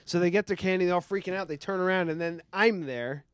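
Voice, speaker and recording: A man hosting a podcast, telling stories in a lively, swearing, laughing way. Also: sits high, fast, smooth, no room sound. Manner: animated storyteller, swears, laughs often. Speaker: podcast host. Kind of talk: casual chat.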